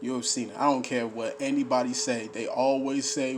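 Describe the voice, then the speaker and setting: A man giving an informal scripture teaching, repeating phrases for emphasis and swinging between loud preaching and low, muttered reading. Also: fairly even intonation, fairly quick, hardly any pauses, noisy background. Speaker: bible teacher.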